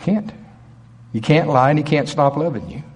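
A man preaching a sermon in an animated way, acting out voices with sudden jumps in pitch. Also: normal speed, breathy edge.

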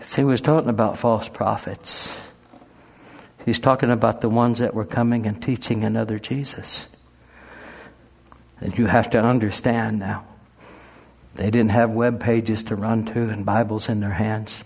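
A man's voice: lowish voice, little pitch movement, measured pace, gravelly, pauses often, breathy edge. A man preaching a sermon, telling humorous stories in a folksy way. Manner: folksy, humorous, laughs at his own stories. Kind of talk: sermon with storytelling.

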